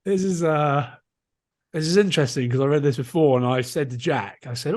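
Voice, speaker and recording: A man's voice: on the high side, a little fast, darkish tone. A man in his thirties, a rugby player co-hosting a podcast, telling jokey self-mocking stories in casual chat.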